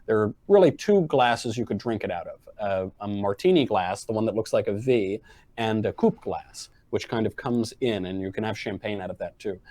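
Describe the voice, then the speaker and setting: Dry-witted man with a mellow voice. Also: on the low side, moderate pace. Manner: wry, deadpan humor. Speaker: guest commentator. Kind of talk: casual chat.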